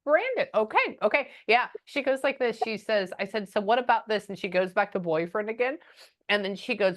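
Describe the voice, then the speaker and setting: A woman giving a casual spoken reading as a psychic medium, often pausing and muttering "hold on" while she thinks. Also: mid-range voice, lively intonation, a bit bright.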